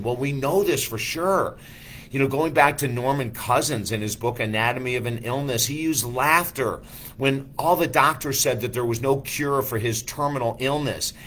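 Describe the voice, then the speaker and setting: A man's voice: mid-range voice, a bit bright, slight background noise. A man who is a life coach, giving an enthusiastic motivational talk full of rhetorical questions.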